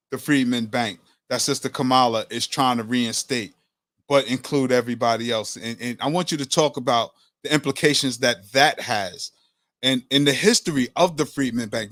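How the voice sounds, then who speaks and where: A man's voice: mid-range voice, fairly bright tone, no echo. A man hosting a casual political talk show, affirming his co-hosts and speaking. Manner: affirming, calls others sis and brother.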